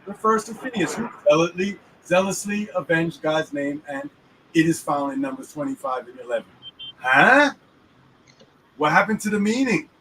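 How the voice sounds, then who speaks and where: A man's voice: sits high, expressive, a little fast, a bit bright. A man hosting a casual chat about the weekly Torah portion, using street slang and often checking that the listener follows him. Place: inside a moving car. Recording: distant mic in a car with faint road noise.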